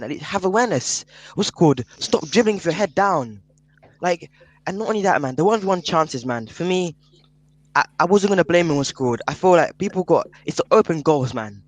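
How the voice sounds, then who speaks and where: A man's voice: high-pitched, rough recording. A man on a podcast panel in casual football chat, emphatic and repetitive, keeping "man" on the ends of his sentences, heard over an online call mic. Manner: emphatic, keeps tagging "man" onto sentences.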